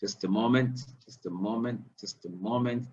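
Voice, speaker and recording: A man leading a live online sales training, quizzing his listeners with repeated questions and rising with excitement. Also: moderate pace, slightly rough, far from the mic, muffled recording. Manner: animated, rising pitch when excited.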